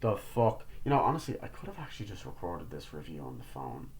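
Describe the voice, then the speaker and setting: A man giving a casual, profane movie review, excitedly acting out the scenes in different voices. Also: sits low, fast.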